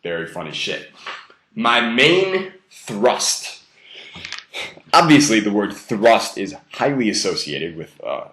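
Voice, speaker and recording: A young man with a lowish, fairly bright voice delivers blunt, profane dating advice in a casual monologue, stressing key words hard and amusing himself along the way. The recording is reverberant.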